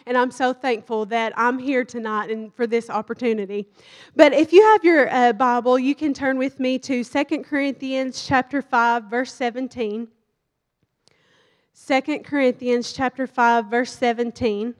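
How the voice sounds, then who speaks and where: A woman's voice: a little high, steady tone, a little slow. A young woman with a thick Kentucky accent, a Bible college student opening a sermon in a church, nervous and giggly. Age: young adult. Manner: nervous, giggly, self-conscious. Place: church hall.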